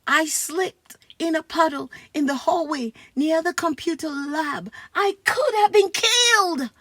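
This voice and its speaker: A woman reading a funny children's comic aloud in an expressive voice, often laughing as she does the character voices. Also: very high voice, no echo. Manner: slow, expressive read-aloud. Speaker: children's book reader.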